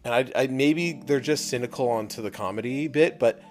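A man's voice: medium pitch, a little fast. A man hosting a casual podcast chat, rambling and restarting his sentences often. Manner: rambling, restarts a lot, acts out quoted lines. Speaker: podcast host.

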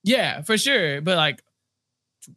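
Male podcast co-host, dry close sound, lively chatty delivery with acted-out quotes. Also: high-pitched, no echo. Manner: animated, acts out characters' lines in quick bursts. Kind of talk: casual recap chat.

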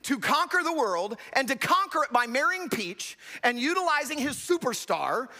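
A man's voice: very high voice, big pitch swings, normal speed, bright, forceful tone, long reverb tail. A man preaching a sermon, with earnest, emphatic storytelling. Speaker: pastor.

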